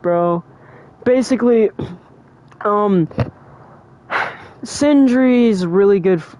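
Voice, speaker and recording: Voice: mid-range voice, warm tone. A young adult streamer talking casually and emotionally, full of fillers like "like" and "bro". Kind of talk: casual livestream chat.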